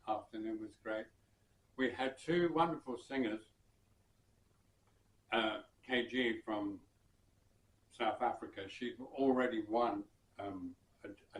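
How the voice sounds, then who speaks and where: A man from southern England recalls an old gig, pausing to think and chuckling softly as he goes. He speaks slowly, at a relaxed, drawn-out pace. The recording is roomy, with his voice set a little back from the mic. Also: on the low side. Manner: unhurried, reflective, with soft chuckles and hesitations. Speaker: musician and bandleader. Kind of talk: personal anecdote storytelling. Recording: roomy sound from some distance.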